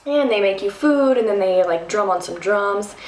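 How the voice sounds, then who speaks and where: A young woman from Texas telling a travel story to the camera, animated and self-mocking, with lots of ums and restarts. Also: medium pitch, moderate pace. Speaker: vlogger. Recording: roomy, from a distance.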